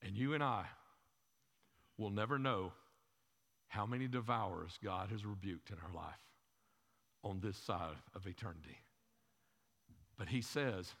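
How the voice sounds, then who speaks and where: A man's voice: mid-range voice, normal speed, pushed and bright. A male pastor preaching a sermon in a church, conversational, throwing rhetorical questions at the congregation and repeating words as he goes. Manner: frequent word repeats and fillers. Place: church sanctuary. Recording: long hall reverb in a church.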